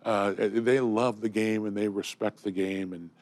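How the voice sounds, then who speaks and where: Deep-voiced older man telling stories. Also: fairly even intonation, a little slow, a little mellow. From Southern California. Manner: enthusiastic anecdotes, frequent fillers and restarts. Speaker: interview guest. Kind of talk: storytelling in conversation. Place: studio.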